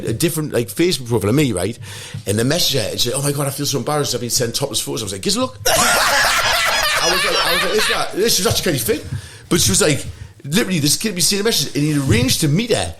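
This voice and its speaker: A man's voice: a little high, huge pitch swings, quick pace, very noisy. A man in his thirties with a Geordie accent, rambling through funny stories as a podcast guest and laughing often. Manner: rambling, laughing, lots of "like" and "mate". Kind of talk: casual storytelling. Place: podcast studio. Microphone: studio microphone.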